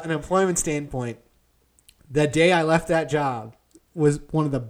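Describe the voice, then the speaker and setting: Young male co-host, slightly high-pitched, profane and animated storyteller. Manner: profane, animated storyteller who acts out quotes. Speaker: podcast co-host. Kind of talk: casual storytelling chat.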